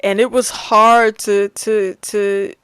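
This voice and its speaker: A woman's voice: mid-range voice, little pitch movement, slow pace, fairly bright tone, clear, resonant tone, no room sound. A woman in her thirties chatting casually about her favorite films, laughing often and restarting her sentences. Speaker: movie reviewer. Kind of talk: casual movie review chat.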